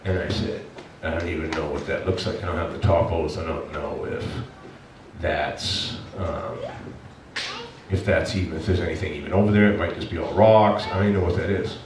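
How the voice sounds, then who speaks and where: A man preaches a story with animated feeling, stumbling and restarting as he speaks. His voice sits a little low and carries from a distance, with a roomy church echo and faint hiss behind it. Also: moderate pace. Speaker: pastor. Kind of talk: storytelling sermon. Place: church sanctuary. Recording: echoey church room from afar.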